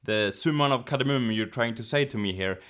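A man's voice: mid-range voice, brisk, a bit bright. Hesitant man with a Swedish accent. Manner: hesitant, searching for words, laughs often. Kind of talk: casual chat.

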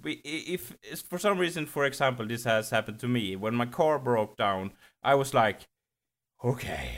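A man from Sweden, a non-native English speaker, chatting casually and telling animated stories with hesitant restarts. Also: mid-range voice, normal speed. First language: Swedish. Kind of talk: casual chat.

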